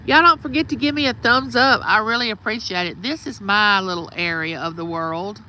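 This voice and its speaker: A woman's voice: mid-range voice, moderate pace, sharp tone, a little hiss or hum, rough recording. A middle-aged woman from Mississippi with a Southern accent, chatting casually on a livestream from outside her home and greeting viewers by name. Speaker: livestream host. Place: outdoors at home.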